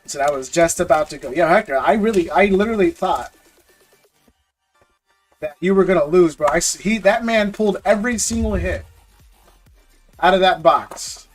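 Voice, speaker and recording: Soft background music accompanies a man hawking trading card packs on a live stream. Speaking at a moderate pace with frequent pauses, his high-pitched voice stays relaxed as he chats casually and addresses viewers as "bro."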